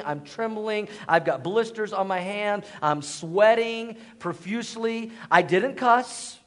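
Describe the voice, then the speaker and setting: Male pastor with a high voice preaching, animated and self-mocking, prompting call-and-response. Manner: animated storytelling with self-deprecating humor; calls for congregation responses. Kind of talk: sermon.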